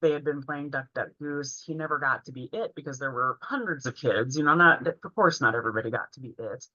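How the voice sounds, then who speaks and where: A woman's voice: extremely low pitch, a little fast, bright, forceful tone, no echo. A woman in her forties telling a heartfelt personal story in an earnest way while presenting a training session. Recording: dull, lo-fi, dry sound.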